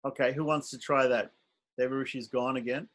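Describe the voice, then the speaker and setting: A man's voice: medium pitch, fairly even intonation, a little fast. A man teaching Sanskrit consonants in an online class, patiently repeating each sound and explaining it step by step. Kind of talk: slow, patient online lesson.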